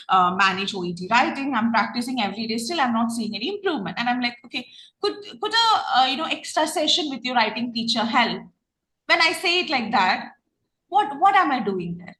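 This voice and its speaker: Bright-voiced woman teaching an English class. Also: a little high, reverberant, a little hiss or hum, poor audio. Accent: Malayali English. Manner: questioning, repeats herself, many restarts. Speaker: OET reading trainer. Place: online class.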